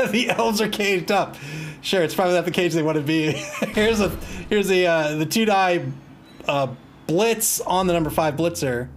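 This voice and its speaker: A man's voice: high voice, a little slow, slight background noise. A man doing casual play-by-play commentary on a match. He laughs often, is wry and self-amused, and groans in mock despair at the plays.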